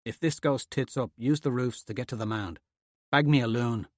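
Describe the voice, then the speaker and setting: A man's voice: mid-range voice, normal speed, darkish tone, no echo, studio quality, lightly acted. A man playing a hard battlefield commander. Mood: commanding. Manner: commanding, bellowing orders.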